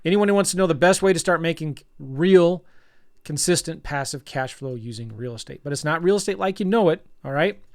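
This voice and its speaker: A man with a fairly high voice coaches a live webinar, telling stories and urging viewers to act. He sounds energetic and upbeat. The sound is dry and close, with no room echo. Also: smooth. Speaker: real estate investing coach.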